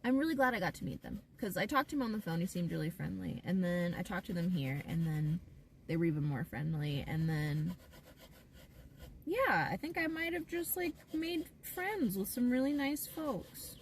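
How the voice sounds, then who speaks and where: A woman's voice: lowish voice, lively intonation, normal speed, distant mic, a little hiss or hum. Chatty woman streaming from her car. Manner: chatty and rambling, heavy use of "like". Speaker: live streamer. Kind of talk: casual live-stream chat. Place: inside a parked car.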